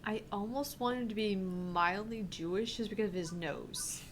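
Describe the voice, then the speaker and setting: A woman's voice: mid-range voice, normal speed, slight background noise. A woman co-hosting a let's play, chatting playfully and casually with some swearing. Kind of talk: casual game commentary.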